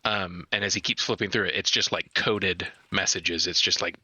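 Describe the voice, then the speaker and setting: A man playing a tabletop game, describing his character's actions in a halting, hesitant way. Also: low-pitched, fairly even intonation, pushed and bright, breathy edge, no room sound, rough recording. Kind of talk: in-character roleplay and narration.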